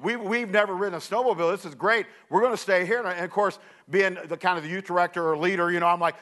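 A middle-aged man preaching, telling a story with lively delivery and acting out the other people's voices. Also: high voice, fast, few pauses. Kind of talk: sermon illustration.

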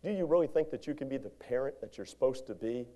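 A male pastor preaching a sermon in a church, animated, moving from shouts to hushed lines and calling out to the congregation. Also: medium pitch, quick pace. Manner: call-and-response exhortation to congregation. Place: church sanctuary.

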